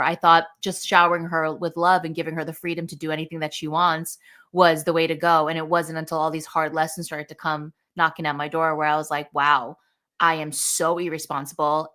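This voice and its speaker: Podcast host: woman, bright forceful tone, emphatic and chatty. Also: deep voice. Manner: emphatic, animated, filler-heavy. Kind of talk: conversational podcast chat.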